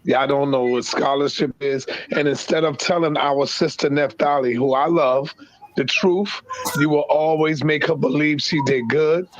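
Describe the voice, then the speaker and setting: A man's voice: on the high side, fairly even intonation, moderate pace, dry recording, poor audio. A man arguing as a panelist in a heated online debate, lecturing and combative.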